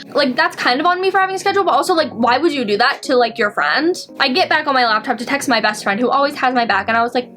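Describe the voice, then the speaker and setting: A woman's voice: high voice, fast, few pauses, a bit bright, faint music behind. A young adult woman vlogging a casual storytime, talking through it in a chatty way with lots of "like"s. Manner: chatty, filler-heavy storytelling with many "like"s.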